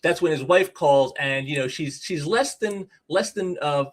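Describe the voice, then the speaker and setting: A man's voice: on the high side, a little slow. A man casually talking through a comic book issue, rambling with lots of fillers and restarts. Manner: rambling, many "you know" fillers and restarts. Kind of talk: casual spoken review.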